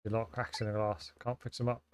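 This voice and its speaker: A man's voice: fairly low pitch, little pitch movement, quick pace, very noisy. A man giving casual, rambling commentary while streaming a game and reading its lines aloud.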